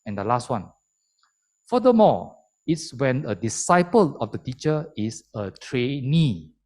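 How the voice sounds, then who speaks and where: A man's voice: mid-range voice, big pitch swings, a little slow, darkish tone. A man giving a Buddhist sermon as a lay speaker, emphatic and explaining step by step.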